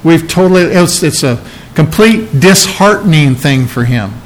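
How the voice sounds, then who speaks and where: Male pastor, sermon delivery, slightly higher pitch, earnest verse-by-verse teaching. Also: expressive, unhurried, poor audio. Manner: earnest Bible teaching, reading verses aloud and explaining them.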